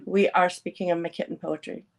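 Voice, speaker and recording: A woman's voice: fairly low pitch, level tone, brisk, gravelly. A woman hosting a casual talk show, playful and teasing, laughing often between her lines. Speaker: podcast host. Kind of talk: casual chat.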